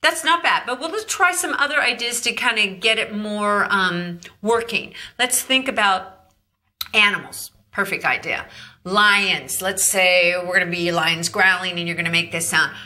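A woman's voice: mid-range voice, normal speed, sharp tone. A woman vocal coach teaching growling and screaming, demonstrating each sound and praising the student. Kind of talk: scripted vocal lesson.

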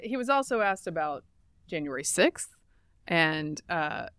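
A woman's voice: deep voice, sing-song, measured pace, fairly bright tone, no echo. An American woman co-hosting a podcast, chatting wryly and sarcastically about the news with many fillers. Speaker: podcast co-host. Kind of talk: casual news chat.

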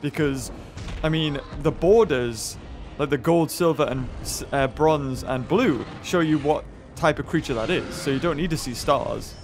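A northern English man hosts casual let's-play commentary as a gaming video host, his fairly high voice unhurried over faint background music. He rambles and chats with plenty of fillers and restarts.

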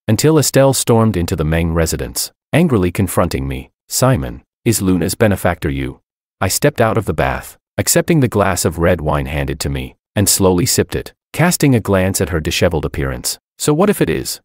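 A man narrating a dramatic first-person story from a script in a measured way. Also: sits low, darkish tone, dry recording, studio quality.

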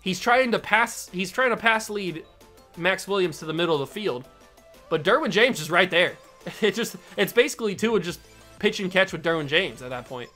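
A gaming YouTuber with a high-pitched voice plays a football video game and commentates live at a moderate pace, with faint music behind him. He often scolds himself for his mistakes, sounding exasperated and then animated.

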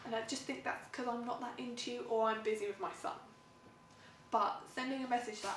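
A woman's voice: fairly high pitch, fairly even intonation, a little fast. A young British woman talking casually to camera, blunt, sweary and sarcastic. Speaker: vlogger. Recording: echoey room, mic at a distance, faint hum.

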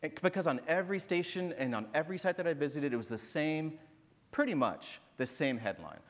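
On stage at a literary festival, a northern Minnesota author recounts a personal story in a large, echoing hall that sounds like a reverberant lecture room. Speaking briskly in a slightly high voice with lively intonation, he's earnest and emphatic, repeats phrases and often adds "right?".

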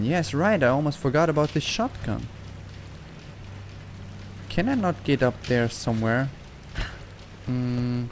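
A man's voice: mid-range voice, a little hiss or hum. A man giving let's-play commentary, frustrated and swearing often. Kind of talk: gaming commentary.

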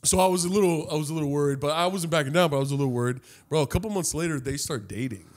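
A man's voice: on the high side, racing, a little mellow. A young man co-hosting a podcast, telling a long casual story full of swearing and acted-out voices. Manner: profane, laughs at his own jokes, acts out voices in stories. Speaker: podcast co-host.

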